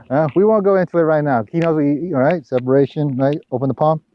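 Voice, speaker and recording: A man with a fairly high voice talks fairly fast as he coaches a tennis student on court, giving clear commands, repeatedly asking "all right?" and "okay?", and teasing from time to time. The audio is dull, lo-fi camera sound.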